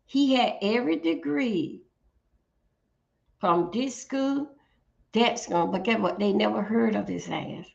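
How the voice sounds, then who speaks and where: A woman's voice: a little high, takes it slowly, vocal fry, pauses often, lo-fi sound. A woman hosting a livestream, giving blunt, profane ranting commentary and often stumbling over repeated words. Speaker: livestream host.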